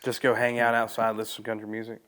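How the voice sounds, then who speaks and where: A man hosting a podcast, asking questions in a relaxed, slangy way. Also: on the low side, quick pace. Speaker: podcast host. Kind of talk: casual interview.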